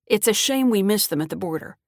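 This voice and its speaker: A woman's voice: medium pitch, expressive, brisk, dry recording, studio quality, lightly acted. A woman voicing a worried man on the case who speaks in a matter-of-fact way.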